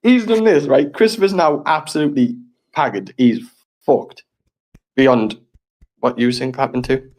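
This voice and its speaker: A man's voice: mid-range voice, measured pace, pauses often, a little mellow. A man telling a funny story on a podcast, swearing, laughing and acting out the quotes. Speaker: podcast host. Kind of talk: casual storytelling chat.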